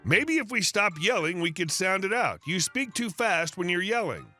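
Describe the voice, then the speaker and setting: A woman's voice: medium pitch, sing-song, moderate pace, bright, forceful tone, faint music behind. A man reading the lines of a frustrated woman shopper in a plain narrating voice. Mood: puzzled. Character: frustrated female shopper, friendly, impatient.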